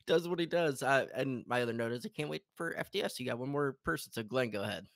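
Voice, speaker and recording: A man's voice: medium pitch, fast talker, creaky, dry recording, clean studio sound. A man hosting a casual podcast chat, steering the talk and handing turns to others. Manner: moderating, hands turns to others. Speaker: podcast host.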